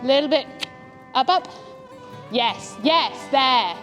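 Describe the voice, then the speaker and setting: A woman giving calm, encouraging instructions as a riding coach. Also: high-pitched, takes it slowly, soft background music. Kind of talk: coaching a rider. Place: outdoor riding arena.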